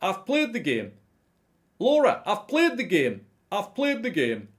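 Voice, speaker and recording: A man's voice: sits high, wildly swooping pitch, unhurried, fairly bright tone, pitched above the performer's own voice, exaggerated voice. Brief: a man impersonating a middle-aged pundit ranting on a loop, raised voice. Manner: repetitive, insistent ranting.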